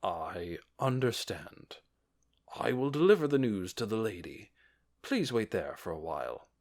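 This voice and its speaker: A man voicing a calm, courteous elderly male butler who speaks in a measured way in an audiobook. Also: lowish voice.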